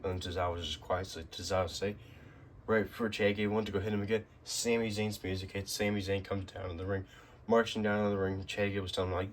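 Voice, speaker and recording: Low, level-toned male host for a loose, rambling weekly recap. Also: fairly even intonation, fast talker, slight background noise. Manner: rambling, many fillers and restarts. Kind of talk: casual spoken recap.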